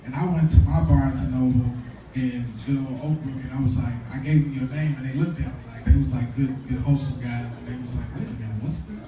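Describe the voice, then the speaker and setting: A man hosting a live podcast, talking in a slangy, excitable, rambling way. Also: medium pitch, fairly quick, slight background noise. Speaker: podcast host. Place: live podcast event before an audience. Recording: roomy venue, distant mic.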